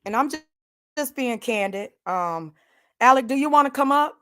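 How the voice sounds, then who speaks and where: An older woman hosting a livestream, talking in an emphatic casual rant that swings from loud to hushed, with sighs. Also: high-pitched, expressive, normal speed. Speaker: livestream host.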